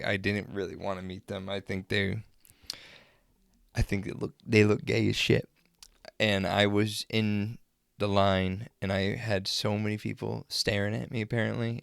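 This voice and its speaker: A young man casually telling rambling, crude, excitable stories to his camera. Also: fairly low pitch, gravelly, no room sound, clean studio sound. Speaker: vlogger. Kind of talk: casual storytelling.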